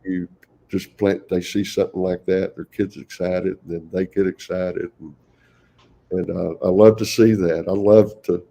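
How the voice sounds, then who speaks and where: A deep, gravelly older man with a Texan accent, telling stories in a folksy way and chuckling often. His voice is dark and mellow, heard over a video call. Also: flat delivery, unhurried. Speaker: guest, professional Santa Claus. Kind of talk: casual interview conversation.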